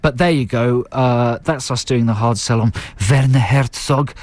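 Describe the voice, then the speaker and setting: A man's voice: mid-range voice, steady tone, moderate pace, darkish tone, dry recording. A man hosting a radio show in casual chat, chatty and laughing often. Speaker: radio host.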